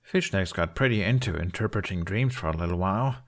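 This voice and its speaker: A man's voice: low-pitched, animated, a little fast. A man reading the lines of a playful, earnest young man with a bashful, teasing tone. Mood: gentle.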